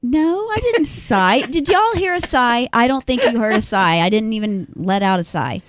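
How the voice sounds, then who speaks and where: Woman cohost, high voice, swoops all over, laughing, telling chat stories. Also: moderate pace, noisy background. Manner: animated, laughing, retelling chat exchanges. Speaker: livestream co-host. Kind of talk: casual live-stream chat.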